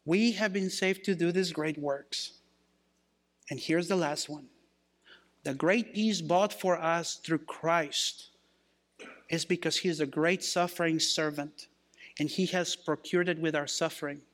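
A man with a high voice preaching a sermon as pastor. He quotes scripture and slows down to put weight on key phrases. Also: fairly even intonation, fairly bright tone.

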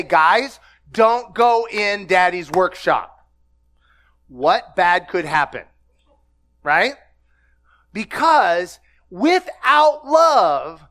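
Animated laughing man preaching. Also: high-pitched. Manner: animated, laughing, shouting exclamations, asks the congregation questions. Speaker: pastor. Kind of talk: sermon.

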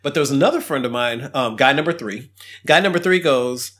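A man co-hosting a podcast, telling a story in a calm, measured, reflective way. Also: mid-range voice. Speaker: podcast co-host. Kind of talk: casual conversation.

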